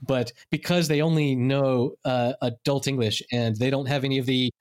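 A man's voice: mid-range voice, steady tone, moderate pace, a little mellow. A man in his forties, hosting a casual podcast chat and rambling with many restarts.

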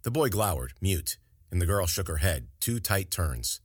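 A man narrating a fantasy story as an audiobook in an expressive, dramatic reading. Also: sits low, normal speed, slightly rough, no echo, studio quality.

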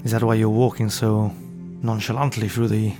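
A man running a tabletop game as game master, voicing a merchant in a relaxed, chatty way. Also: fairly low pitch, normal speed, over music.

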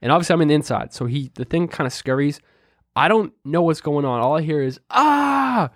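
A man's voice: fairly high pitch, fast, dry recording, studio quality. A young man in casual podcast chat, telling a story with energy and checking in with "right?" and "dude" as he goes. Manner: animated storyteller, says "right?" and "dude" often. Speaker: podcast co-host.

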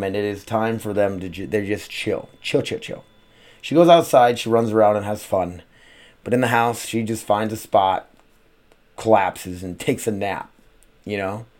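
A man hosts a casual podcast from his home. He rambles from one thought to the next, swears freely and fills pauses with "uh." He sounds like an ordinary guy chatting into a mic. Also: fairly low pitch, a little mellow. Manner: rambling, profane, frequent "uh" fillers. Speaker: podcast host. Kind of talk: casual solo podcast chat.

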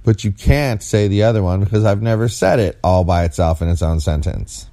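Deep-voiced tired man rambling playfully. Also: brisk, warm tone. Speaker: podcast co-host. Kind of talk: casual late-night chat.

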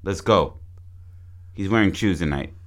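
Low-voiced man joking on a podcast. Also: expressive, measured pace. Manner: joking, crude, pitching ideas with restarts. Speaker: podcast co-host. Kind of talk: casual chat.

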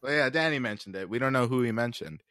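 Male co-host, mid-pitched, relaxed teasing; dry recording. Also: quick pace, no echo. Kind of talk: casual chat.

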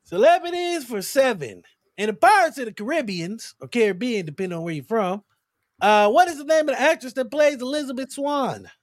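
A man hosts a casual podcast quiz, reading clues and cracking profane jokes. His voice sits very high and swings a lot. The sound is close and dry, with no room echo. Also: big pitch swings, fairly quick. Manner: joking, profane, laughs a lot. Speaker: quiz host.

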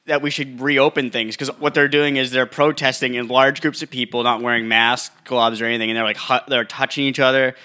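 Bright-voiced man rambling with crude jokes. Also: medium pitch, level tone, a little fast, few pauses. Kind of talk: casual chat.

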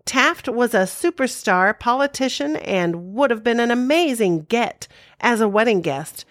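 A woman's voice: fairly high pitch, animated, measured pace, fairly bright tone, dry recording, clean studio sound. A woman co-hosting a show, chatty and informative, reciting trivia with playful asides. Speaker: podcast co-host. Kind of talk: casual recap with trivia.

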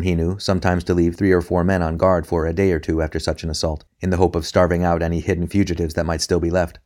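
A male audiobook narrator with a deep, low-pitched voice. He reads in a measured, even manner, keeping a steady pace through the prose.

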